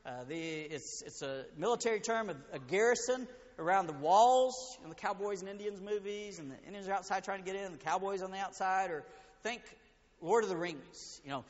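A high-pitched male pastor preaching a sermon, his voice swinging between booming emphasis and hushed, intimate passages. The sound is dull and muffled, carried through a long, echoing sanctuary reverb. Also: expressive, brisk. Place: church sanctuary.

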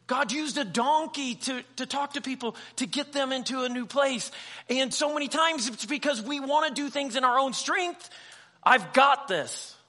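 Bright-voiced pastor, high for a man. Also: moderate pace. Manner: conversational, acts out dialogue in quoted voices; humorous asides. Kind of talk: sermon.

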